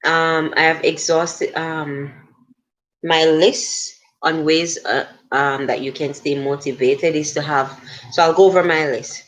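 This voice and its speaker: Slow, low-voiced woman chatting earnestly. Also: fairly even intonation. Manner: chatty, earnest, many fillers and restarts. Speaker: livestream host. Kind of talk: casual motivational livestream talk.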